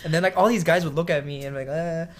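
A cook telling a kitchen story. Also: male voice, on the high side, rapid-fire, a little hiss or hum. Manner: animated storyteller, acts out quotes loudly; self-described shy. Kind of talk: casual storytelling interview.

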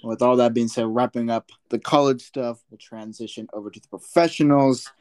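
A young man hosting a podcast, chatting casually about sports in a relaxed way with many fillers. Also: medium pitch, brisk. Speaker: podcast host.

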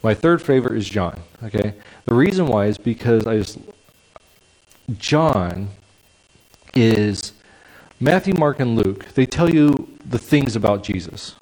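A man preaching a sermon in a lively, conversational way, checking in with the congregation. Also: mid-range voice, unhurried, long pauses, low-quality recording. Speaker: pastor.

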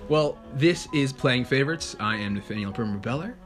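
A man hosts a podcast in a playful, rambling chat, laughing often. His voice sits at a middling pitch but swings widely up and down as he talks. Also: lively intonation, fairly quick, over loud music. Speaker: podcast host. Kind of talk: casual chat.

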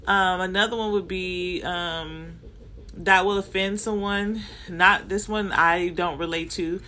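A woman's voice: fairly low pitch, sharp tone, a little hiss or hum. A woman from Compton with a Southern Californian accent, explaining things in a casual, conversational way, with frequent fillers and self-corrections. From Compton, Los Angeles, United States. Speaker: manager sharing workplace experiences.

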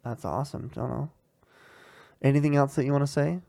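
Casting note: a mother questioning her kid, very low pitch, a bit of vocal fry, mellow tone, laughs easily. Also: fairly even intonation, a little fast, no echo. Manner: chatty, encouraging, laughs often. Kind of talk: casual family interview.

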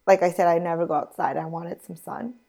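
A woman co-hosting a podcast in casual chat, her voice hoarse and raspy from being sick. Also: on the low side, fairly even intonation, fairly quick, mellow. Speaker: podcast co-host.

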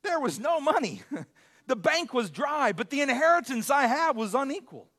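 A man preaching a sermon as pastor, animated, often stumbling over his words and restarting. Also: very high voice, normal speed. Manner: animated, self-correcting preacher with frequent restarts.

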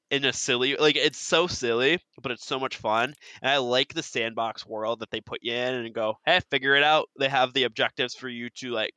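A man's voice: medium pitch, pushed and bright, clear, resonant tone, dry recording. A man co-hosting a casual podcast chat, gushing enthusiastically with plenty of fillers. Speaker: podcast co-host.

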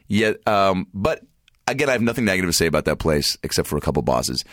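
A man from Seattle with a very deep voice, chatting as a podcast guest. He tells animated stories, swears freely and jumps into high put-on voices. The sound is dry and close, with no room around it. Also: fast talker, dry recording. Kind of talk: casual podcast chat.

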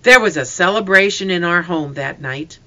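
An audiobook narrator reading a first-person story in an expressive, scripted way. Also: medium pitch, normal speed, highs cut off.

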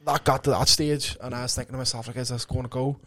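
A man's voice: mid-range voice, quick pace, dry recording. Rambling man co-hosting. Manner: rambling, animated, swears casually. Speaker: podcast co-host. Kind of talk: casual chat. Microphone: podcast mic.

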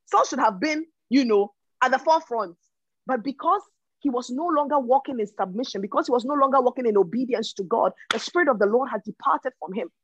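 A woman's voice: a little high, animated, brisk, slightly rough, dry recording, muffled recording. A woman teaching from the Bible in a sermon style. She reads verses aloud, then explains them with emphasis and often repeats words as she thinks.

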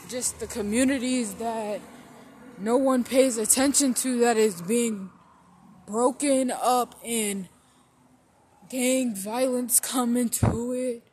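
A woman hosting a podcast, riffing in casual, slangy commentary, blunt and profane with drawn-out emphasis. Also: fairly high pitch, darkish tone, slight background noise. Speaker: podcast host.

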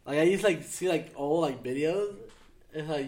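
A man's voice: fairly high pitch, moderate pace, a little mellow. Young man, podcast co-host, laid-back slang, casual chat.

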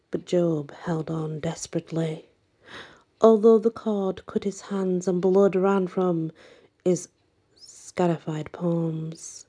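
Woman storyteller for a folk legend: low, slow, husky, whispery and dramatic. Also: fairly even intonation, mellow. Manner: dramatic, often sinking to a breathy whisper. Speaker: narrator. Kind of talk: reading a folk legend aloud.

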